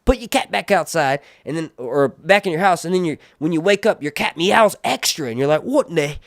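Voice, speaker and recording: A man's voice: fairly high pitch, animated, brisk, vocal fry, no room sound, clean studio sound. Rambling, crude-joking male streamer. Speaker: host of a TV show review stream. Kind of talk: casual live-stream chat.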